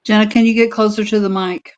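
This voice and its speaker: A woman in a casual chat, talking in an indignant, quick way. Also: medium pitch, flat delivery, a little mellow, clear, resonant tone, dull audio.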